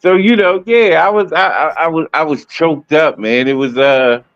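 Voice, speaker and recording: A man's voice: a little high, normal speed, no room sound. A man speaks as a guest in a casual video-call chat, telling his story openly and often restarting mid-sentence. The audio is slightly dull and muffled, and it sounds dry and close. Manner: candid, storytelling, many restarts.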